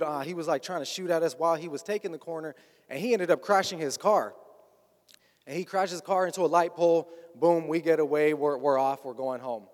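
A man's voice: fairly high pitch, a little mellow. A man telling a personal story in a conversational way, often slipping into quoted dialogue. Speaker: guest recounting his past. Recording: long hall reverb.

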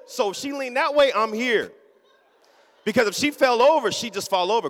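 High-pitched guy preaching, lots of call and response, echoey church. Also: a little fast. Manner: animated storytelling, call-and-response. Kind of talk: sermon. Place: church sanctuary.

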